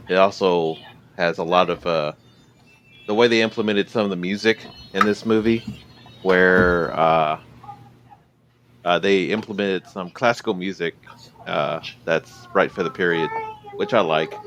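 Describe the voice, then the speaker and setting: A man co-hosting a podcast, chatting casually about a film and pausing often with filler sounds. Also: low-pitched, a bit bright, a little hiss or hum. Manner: hesitant, many filler pauses. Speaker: podcast co-host. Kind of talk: casual movie discussion.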